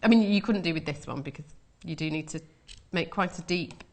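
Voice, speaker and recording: A woman toy designer, a guest in a TV studio, calmly explaining practical sewing steps. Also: fairly low pitch, a little fast. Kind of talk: craft demonstration.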